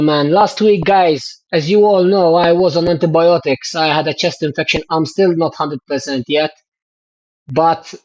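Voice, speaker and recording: A man with a fairly high voice chats to his livestream viewers at an unhurried pace. He keeps breaking into excited exclamations. The audio is dull and lo-fi. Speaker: streamer reviewing his race results. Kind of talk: casual livestream chat.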